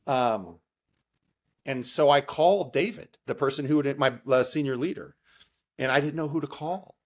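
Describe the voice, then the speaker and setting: A middle-aged man sharing his own story as an interview guest, earnest and emotional, often restarting sentences and checking in with a "right?". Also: mid-range voice. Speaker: interview guest, mental health advocate. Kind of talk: candid personal storytelling.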